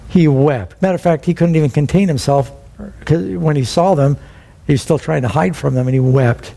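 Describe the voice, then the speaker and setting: A man teaching a sermon verse by verse, in a conversational way, acting out the people he quotes. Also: a little high. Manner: conversational Bible teaching with lively quoted voices. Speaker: preacher.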